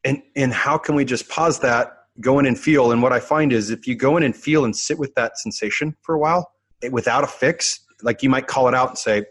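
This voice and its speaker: Husky-voiced man, earnest and reflective. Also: mid-range voice, brisk, fairly bright tone, no echo. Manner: earnest, reflective, circles back on phrases. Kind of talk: podcast conversation.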